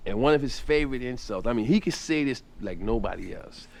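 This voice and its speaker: A man telling a long story on stage, animated, with many restarts, jumping up in pitch when he mimics people. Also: a little fast, vocal fry. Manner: animated, repetitive restarts, jumps up in pitch for impressions. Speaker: stand-up comedian telling a story. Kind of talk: storytelling stand-up set.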